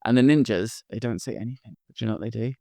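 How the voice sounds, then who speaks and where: A father narrating an improvised bedtime story in a playful, animated way. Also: mid-range voice, fast talker, vocal fry, no room sound.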